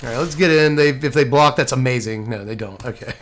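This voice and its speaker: Faint music sits behind this medium-pitched man, who speaks quickly as he streams his online card game. Casual and animated, he addresses himself and the game, ranting in frustration when things don't go his way.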